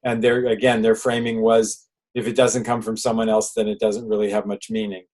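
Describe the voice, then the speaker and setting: A man speaking as a guest in a casual discussion, reflecting in an unhurried way. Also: lowish voice, level tone, darkish tone.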